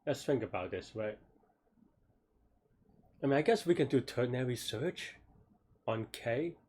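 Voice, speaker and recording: A tired, yawning man working through a coding problem live, thinking aloud in halting, self-questioning phrases with many restarts. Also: medium pitch, animated, darkish tone, a little hiss or hum.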